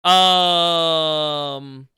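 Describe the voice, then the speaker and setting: Guy hosting a comics stream, super bright voice, dry close sound, jokey and laughing a lot. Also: a little high, steady tone, drawn-out words, smooth, no room sound. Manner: jokey, bursts into loud laughter. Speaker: comics livestream host. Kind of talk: casual chat answering viewer questions.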